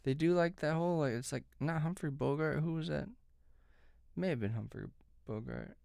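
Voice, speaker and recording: Gravelly, mocking male commentator. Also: a little high, moderate pace, darkish tone, no room sound, clean studio sound. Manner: mocking, indignant, profane. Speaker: political commentator. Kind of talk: sarcastic video commentary.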